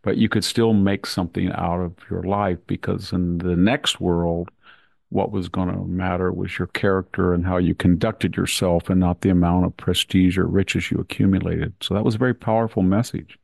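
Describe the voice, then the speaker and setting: A man speaks as a podcast host in measured, deliberate commentary. His voice sits low with a gravelly rasp, and the recording is dry and close. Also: steady tone, darkish tone, dry recording. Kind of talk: conversational commentary.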